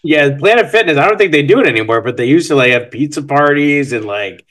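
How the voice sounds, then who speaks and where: A man's voice: on the high side, animated, fast, a bit bright. A man chatting on a podcast, reacting in short bursts and laughing along. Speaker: podcast co-host. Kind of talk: casual chat.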